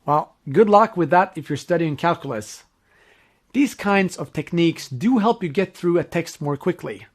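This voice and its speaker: A man narrates a learning lesson in a scripted, explanatory way. His voice sits somewhat high for a man. He keeps an even, informative delivery. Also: moderate pace.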